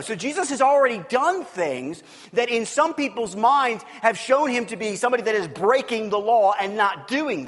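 A man's voice: high-pitched, a bit bright. A man giving conversational Bible teaching as a pastor, talking informally, restarting and repeating words and checking in with his listeners. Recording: long reverb from a large room.

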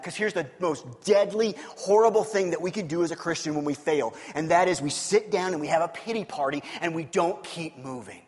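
Pastor preaching in a reverberant hall. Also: male voice, on the high side. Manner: animated storytelling, swings from loud to hushed. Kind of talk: sermon.

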